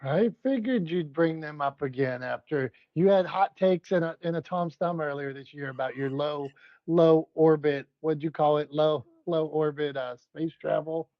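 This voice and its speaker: A man co-hosting a podcast in casual banter, leading the segments in a brisk, upbeat way. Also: fairly high pitch, no echo. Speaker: podcast co-host. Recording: dry, dull lo-fi sound.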